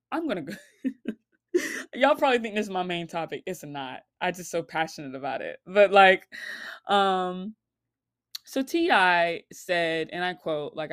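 A woman ranting casually to camera in a blunt, profane vlog commentary. She laughs between points and swings from loud outbursts to low mutters. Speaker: commentary vlogger. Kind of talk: casual opinion rant to camera.

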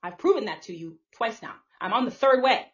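A woman preaching live as a self-styled prophetess, confrontational and cursing, swinging between loud outbursts and quiet, muttered lines. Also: a little high, lively intonation, brisk, recorded from a distance, highs cut off. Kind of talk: fiery profane live preaching.

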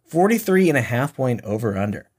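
A man's voice: mid-range voice, big pitch swings, fairly quick, a little mellow, husky. A young man hosting a sports podcast, running through football picks in a casual, opinionated way that sometimes turns into ranting. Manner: opinionated, ranting, laughs at own jokes. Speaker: podcast host. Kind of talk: casual sports betting chat.

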